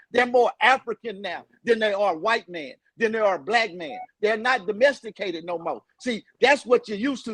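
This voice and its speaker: A man's voice: high-pitched, fairly bright tone, breathy edge, dry recording. A man on a panel call holding forth in an emphatic, preachy, street-talking way. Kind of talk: heated panel discussion.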